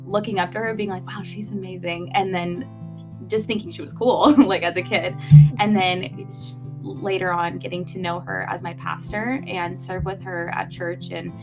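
A woman's voice: on the low side, steady tone, moderate pace, over music. A young adult woman co-hosting a podcast in casual chat, effusive and heartfelt, with lots of fillers. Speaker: podcast co-host.

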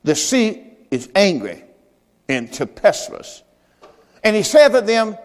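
Animated preacher man in a reverberant church. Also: high-pitched, slow, long pauses. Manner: animated storytelling, acting out Bible characters, shouting peaks. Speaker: pastor. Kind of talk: sermon. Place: church service.

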